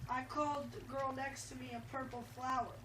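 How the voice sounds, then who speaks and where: A woman's voice: high-pitched, fairly even intonation, a little fast, close to an everyday voice. A woman voicing a confused, innocent kindergarten boy in a story she tells. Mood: bewildered. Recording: roomy, distant, noisy mic.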